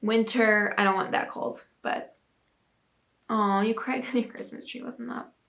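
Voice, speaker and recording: A woman's voice: fairly high pitch, fairly even intonation, measured pace, gravelly, a bit bright. A young woman hosting a casual talk segment, bubbly and chatty with lots of filler words. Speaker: host reading viewer submissions. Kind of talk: casual chat and reading aloud.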